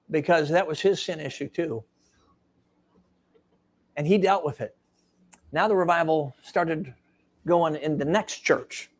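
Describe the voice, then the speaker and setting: High-voiced male preacher telling a story. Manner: animated storytelling with frequent fillers, drops to hushed tones for emphasis. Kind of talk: sermon storytelling.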